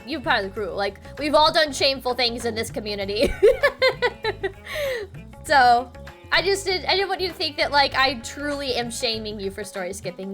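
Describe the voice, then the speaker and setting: A young woman streaming a game, chatting casually in an excitable, gushing way. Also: high voice. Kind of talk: casual live-stream chat.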